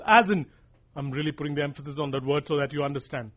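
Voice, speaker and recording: High-voiced male preacher, emphatic sermon. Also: steady tone, brisk. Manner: emphatic, repeats lines for emphasis, addresses listeners as guys. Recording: dull lo-fi recording.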